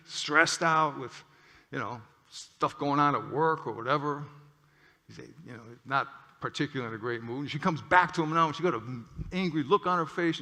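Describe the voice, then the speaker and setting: A male clinician giving an animated lecture with stories, often checking in with "okay?". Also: on the high side. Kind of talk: lecture with storytelling. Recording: long hall reverb.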